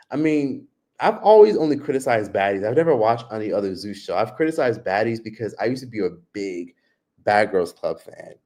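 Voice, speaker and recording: Speaking at a moderate pace in a fairly low, darkish, expressive voice, a livestream host rants casually to his viewers. His talk is loose and unscripted, full of swearing and tangents.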